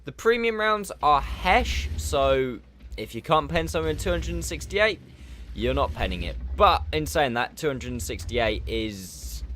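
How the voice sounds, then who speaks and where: A man giving casual, chatty commentary over a game replay, animated and jokey, talking from a home desk mic. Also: mid-range voice, moderate pace, a little hiss or hum. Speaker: gaming commentator.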